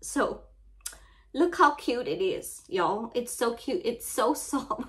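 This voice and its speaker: A woman with a Louisiana Southern accent hosting an unboxing vlog, her voice shaky as she holds back tears, talking softly and haltingly with many fillers. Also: fairly high pitch, animated. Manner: soft, halting, full of fillers. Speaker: craft channel host.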